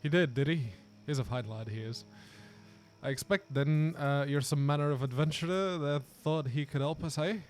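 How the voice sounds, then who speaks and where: A man reading aloud the lines of a weary older male farmer in a game, in a plain, low-key voice without putting on an accent. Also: normal speed, a little mellow, faint music behind, natural voice. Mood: grim.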